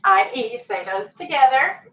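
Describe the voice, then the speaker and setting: A woman teaching phonics in a classroom, her voice high and bright. She talks slowly and patiently, drawing out each explanation so young students can follow. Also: animated, low-quality recording. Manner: patient, clear, drawn-out instructional speech.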